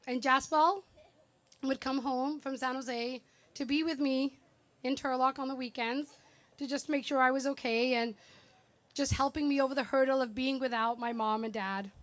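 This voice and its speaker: A woman's voice: high voice, fairly even intonation, moderate pace, no room sound. A woman in her thirties giving a chatty, rambling, affectionate birthday speech for her brother at a party. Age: 30s. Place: party venue.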